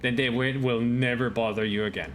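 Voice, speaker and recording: A man's voice: mid-range voice, steady tone, brisk, a little hiss or hum. A man streaming a game live, chatting casually with his viewers and reading out on-screen text. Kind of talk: casual gameplay commentary to live chat.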